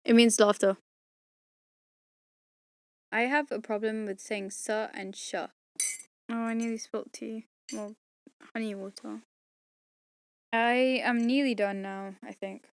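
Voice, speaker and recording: This audiobook narrator goes over her bloopers and signs off in a loose, self-mocking ramble, weary and strained. Her high, smooth voice holds steady but moves a little slowly, with frequent pauses.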